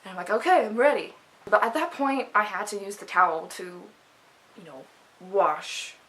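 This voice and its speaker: Young woman vlogger, casual and animated storyteller, mid-range voice. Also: medium pitch, normal speed, rough recording. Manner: chatty, animated, many fillers and restarts.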